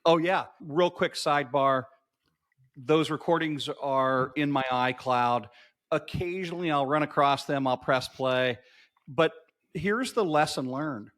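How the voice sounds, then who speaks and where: A man speaking as a guest in a casual podcast interview, relaxed, with dry, teasing humor. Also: fairly high pitch, unhurried.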